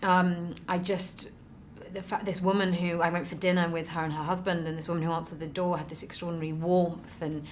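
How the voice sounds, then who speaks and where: A woman's voice: lowish voice, flat delivery, a little fast, a little hiss or hum. A woman, an actress, answering interview questions about her role in an earnest, reflective way as she searches for words. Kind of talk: press junket interview.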